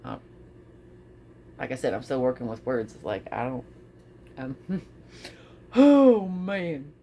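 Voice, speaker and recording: A woman vlogging casually to her viewers, expressive, often repeating her phrases and laughing. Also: a bass voice, slow pace, slight background noise. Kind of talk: casual talk to camera.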